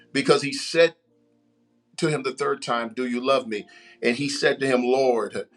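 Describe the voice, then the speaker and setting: A man with a mid-range, somewhat bright voice preaches a sermon, repeating phrases and calling out to the congregation. Faint music can be heard behind him.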